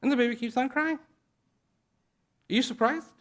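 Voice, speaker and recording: A man giving a speech to an audience, slow and deliberate, pausing between short phrases and repeating key words for emphasis. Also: very high voice. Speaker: invited speaker. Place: event at a large international venue.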